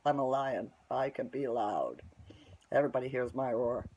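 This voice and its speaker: A woman's voice: very deep voice, moderate pace, very noisy. A woman telling a long story in a casual, rambling way, bluntly scornful and tagging her sentences with "right?". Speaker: vlogger.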